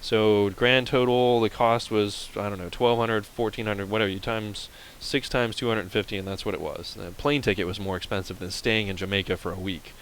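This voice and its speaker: A man's voice: lowish voice, steady tone, brisk, hardly any pauses, a bit bright, slight background noise, low-quality recording. A man from Pennsylvania commenting on a game and telling a rambling story to viewers in a casual, chatty way. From Pennsylvania, USA. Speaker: let's play host.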